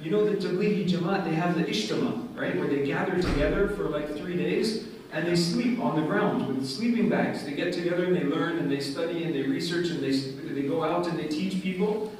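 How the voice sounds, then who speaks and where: A man's voice: on the high side, fairly quick, darkish tone, slight background noise. A man giving an earnest, story-driven speech at a community event in a large mosque hall. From Canada. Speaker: guest speaker. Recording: echoey hall heard from far off.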